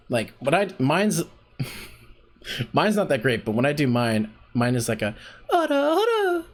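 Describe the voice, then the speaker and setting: A man's voice: mid-range voice, animated, unhurried. A man hosting a casual voice acting workshop on a stream, talking in a rambling way with lots of fillers and restarts. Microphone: desk streaming mic.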